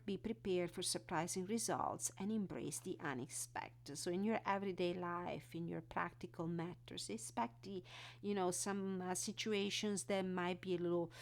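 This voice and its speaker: A woman walking through an oracle card deck, reading card texts and explaining them in an unhurried way. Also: on the low side, creaky. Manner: unhurried, reads card text then explains with fillers.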